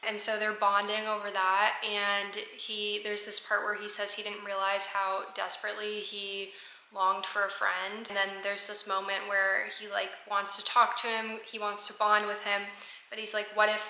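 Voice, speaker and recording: A woman's voice: mid-range voice, completely flat delivery, normal speed, bright, forceful tone, roomy sound, poor audio. A woman chatting casually in a reading vlog, gushing about a book she is reading and filling her talk with likes and ums. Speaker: book vlogger. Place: apartment at home.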